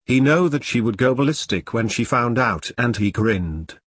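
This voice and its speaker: Male narrator, husky voice, lively pitch, close dry audiobook sound. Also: normal speed, dry recording.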